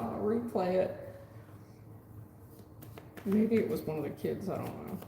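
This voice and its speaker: A woman doing a live tarot reading, blunt, profane and animated as she answers her chat. Her mid-range voice rings around a bare, echoey room with a long tail, and a faint hiss sits underneath. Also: lowish voice, measured pace, gravelly, pauses often. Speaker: tarot reader. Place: home room.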